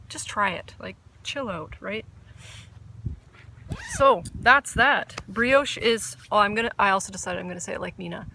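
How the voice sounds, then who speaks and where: A woman hosting a casual knitting podcast outdoors, chatty, excitable and self-deprecating. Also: medium pitch, creaky, a little hiss or hum. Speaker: podcast host. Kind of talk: casual chat about knitting. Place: outdoors under a tree.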